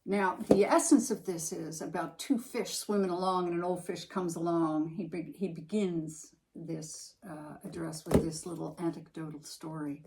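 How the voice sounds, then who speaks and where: Against a noisy background, a woman podcast co-host talks at normal speed with hardly any pauses, her voice on the low side. She chats casually and emphatically about a meaningful book, animated and thinking aloud with restarts.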